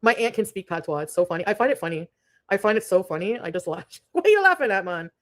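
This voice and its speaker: A woman's voice: mid-range voice, sing-song, fast. A woman co-hosting a casual online chat, playful and giggly, joking around. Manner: playful, giggly, jokey voice imitations. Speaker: co-host.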